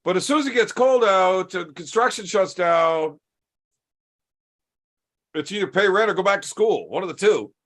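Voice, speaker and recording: A man's voice: high voice, expressive, moderate pace, long pauses, fairly bright tone. A man in his thirties telling a rowdy, profanity-laced story over beers, acting out the dialogue as he goes. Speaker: podcast host.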